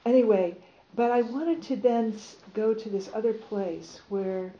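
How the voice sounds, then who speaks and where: Slow-talking woman reading aloud. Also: fairly high pitch, slight background noise. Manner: relaxed, loose, many fillers. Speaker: speaker reading to an audience. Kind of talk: reading aloud, then casual talk. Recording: roomy, slightly dull recording.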